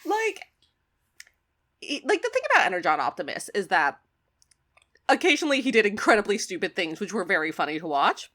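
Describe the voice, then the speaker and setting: A woman's voice: medium pitch, sing-song, brisk, pauses often, a bit bright. A woman co-hosting a podcast, chatting casually and ranting with swearing and frequent laughter. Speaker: podcast co-host.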